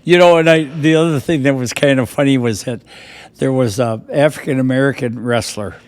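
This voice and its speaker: A man's voice: mid-range voice, steady tone, a little fast, big-room sound. An older man, a podcast guest, telling rambling stories from his past with a chuckle now and then. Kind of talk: casual storytelling.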